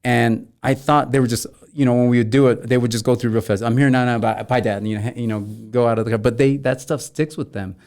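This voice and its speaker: A middle-aged man who is a guest in a casual conversation, telling stories with lively acted-out dialogue. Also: mid-range voice, fast, few pauses. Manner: animated storyteller, acts out quoted dialogue.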